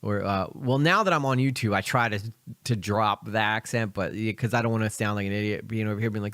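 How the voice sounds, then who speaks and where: Reacting to videos on stream, a young Philly-accented man from Philadelphia rambles chattily, packing in fillers and asides. His voice is on the low side, a bit bright and a little fast, with no room sound.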